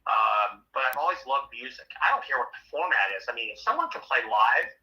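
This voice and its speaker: A man's voice: medium pitch, a little fast, muffled recording. A middle-aged man and former radio host, chatting casually and telling blunt, profane stories. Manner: blunt, profane, animated storyteller. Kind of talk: casual chat.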